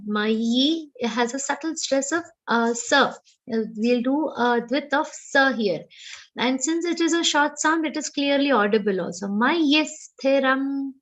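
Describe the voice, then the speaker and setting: A woman with an Indian English accent teaching verse pronunciation in an online class, chanting lines slowly and then explaining them. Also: fairly high pitch, fairly bright tone, highs cut off. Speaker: recitation teacher. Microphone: video call.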